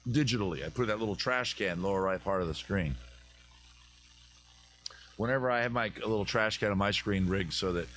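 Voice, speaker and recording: East coast guy doing a jokey livestream in his backyard, kinda low voice, rambles all over. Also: brisk, pauses often, fairly bright tone, slight background noise. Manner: rambling, jokey, riffing on tangents. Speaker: host of a comedy advice live stream. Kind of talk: casual comedic live stream chat. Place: outdoors in a backyard by a fire.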